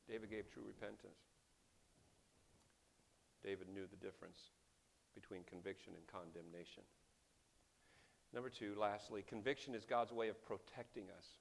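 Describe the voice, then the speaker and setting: A man preaching a sermon, swinging from hushed passages to loud outbursts and acting out the quoted characters. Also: medium pitch.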